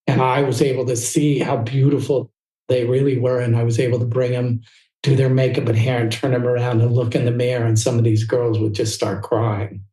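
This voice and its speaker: A man's voice: medium pitch, flat delivery, fairly quick, warm tone, echoey room, poor audio. A middle-aged man from Southern California, telling his story as a podcast guest in a candid, rambling way. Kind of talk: casual storytelling interview.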